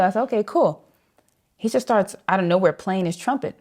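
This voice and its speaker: A young woman, a saxophonist being interviewed, telling stories in an animated way, laughing often and acting out the voices of the people in them. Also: lowish voice, fast talker. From New York. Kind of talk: animated storytelling with acted-out quotes.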